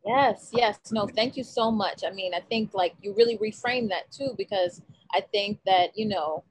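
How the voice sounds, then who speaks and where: A woman hosts a panel discussion in a casual, reflective way. Her voice is breathy, and the recording is dry and close. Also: mid-range voice, moderate pace, no echo, poor audio.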